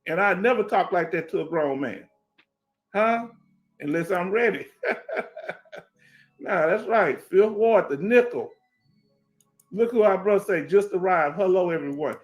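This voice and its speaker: A middle-aged veteran livestreams casually from Houston, Texas, reading chat aloud through his headset with emphatic, repetitive talk and repeated "you understand?" checks. His voice sits high and animated at a measured pace with long pauses, faint music behind. The accent is Houston Black American English, the manner streetwise.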